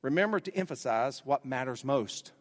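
A man's voice: medium pitch, animated, moderate pace. A male pastor delivering a sermon, building emphasis through repeated phrases. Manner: preaching with rising emphasis and repetition. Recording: long hall reverb.

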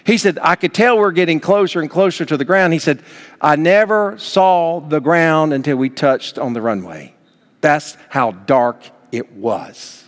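A man preaching a sermon as pastor, emphatic, with sudden rises in pitch and loudness. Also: a little slow. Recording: long hall reverb.

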